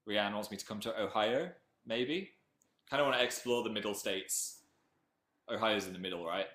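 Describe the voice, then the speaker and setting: A man's voice: fairly low pitch, normal speed, a bit bright, reverberant. Chatty Northern English young man live streaming. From Northern England. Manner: chatty, reads viewer comments aloud. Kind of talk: casual live stream chat.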